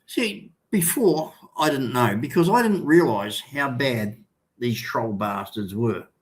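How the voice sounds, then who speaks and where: Old aussie guy on his livestream, slow and rambly, lots of um and restarts, reading out chat comments. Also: medium pitch, lively intonation. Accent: Australian. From Australia. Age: older. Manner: rambling, halting, with many restarts and fillers. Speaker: livestream host.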